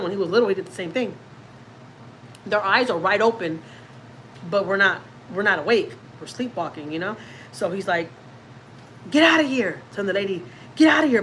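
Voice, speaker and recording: Woman, family vlogger, rambling casual story with lots of fillers, mid pitch, faint noise behind. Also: fairly bright tone, low-quality recording. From Houston, Texas. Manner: chatty, rambling, many fillers and restarts.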